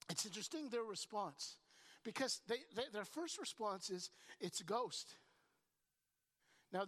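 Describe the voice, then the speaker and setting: A woman delivers a sermon, retelling the story with lively energy and a habit of repeating words as she gets going. Her voice sits at a middle pitch for a woman. A long reverb trails her words, as in a large hall. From Canada. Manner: animated storytelling, often repeats words when starting a thought. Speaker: preacher.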